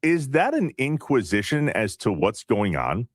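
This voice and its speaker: A man co-hosting a sports radio show in casual talk, measured and questioning as he argues his point. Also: medium pitch, very animated, no room sound, clean studio sound.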